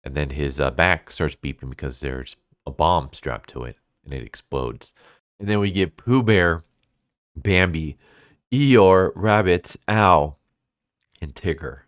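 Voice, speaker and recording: A man recapping a comic book in a casual, relaxed way, chuckling often and talking loosely. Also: very deep voice, takes it slowly, dry recording, studio quality.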